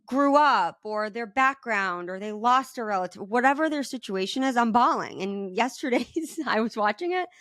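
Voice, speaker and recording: A woman co-hosting a podcast in casual chat, chatty and quick to laugh. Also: a little high, expressive. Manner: warm-hearted, chatty, laughs often. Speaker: podcast co-host.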